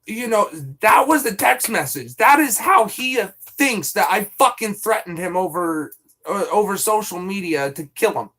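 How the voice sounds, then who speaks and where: Young male streamer, high voice, profane and rambling, casual chat. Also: expressive, normal speed, sharp tone. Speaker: live streamer.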